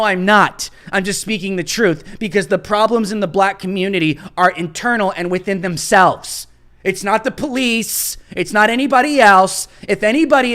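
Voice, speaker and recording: A man's voice: sits high, a bit bright. A man hosting a live political commentary show, talking in an emphatic, sarcastic, ranting way. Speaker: host.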